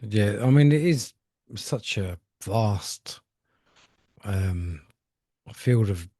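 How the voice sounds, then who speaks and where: A man's voice: lowish voice, animated, extremely slow, warm tone, dry recording, studio quality. A man hosting a casual chat, agreeable and chiming in with short replies. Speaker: podcast host.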